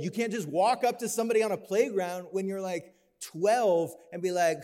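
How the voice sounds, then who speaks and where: Animated man telling a story in a hall. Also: high voice, moderate pace, few pauses. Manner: animated, acts out the voices in his story. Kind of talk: storytelling sermon. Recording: long hall reverb.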